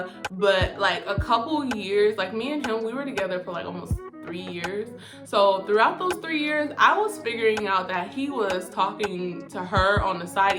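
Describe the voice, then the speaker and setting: Animated young woman telling a story. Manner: animated, profane, acts out quotes with big pitch jumps. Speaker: vlogger telling a personal story. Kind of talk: casual storytime monologue. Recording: music playing behind the voice.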